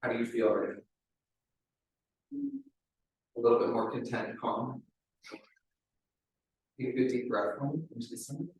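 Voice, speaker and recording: Far off the mic in a strongly echoing room, a wellness coach talks a group through a live demonstration, tagging "right?" onto his points in a chatty way. His medium-pitched voice is a little mellow and unhurried, with frequent pauses.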